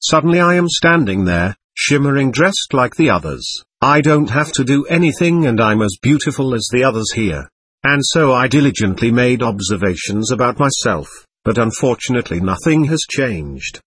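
A man narrating a first-person story in a plain, measured reading voice. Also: medium pitch, expressive, fairly bright tone, slightly rough, no echo.

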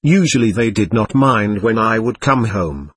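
A man reading a first-person memoir aloud in a plain, measured storytelling manner. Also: fairly low pitch, expressive, husky.

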